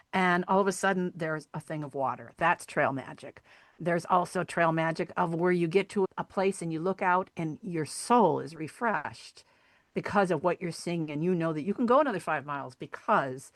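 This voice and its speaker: Middle-aged woman guest, earnest and animated, low-ish voice, dry studio-close sound. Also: no room sound. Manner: earnest, animated storyteller acting out quoted voices. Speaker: podcast guest, sculptor and hiking group founder. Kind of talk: conversational storytelling interview.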